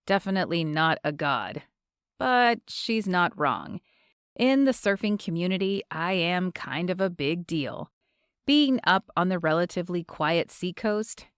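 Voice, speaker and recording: A woman narrating a romance audiobook in a measured, expressive reading from a close studio mic. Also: lowish voice, smooth, no room sound.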